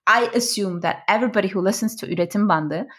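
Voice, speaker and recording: A woman's voice: mid-range voice, fast. A woman guest in an interview explaining her field, often tagging her points with "right?" and correcting herself as she goes. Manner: laughs easily. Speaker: podcast guest, product expert.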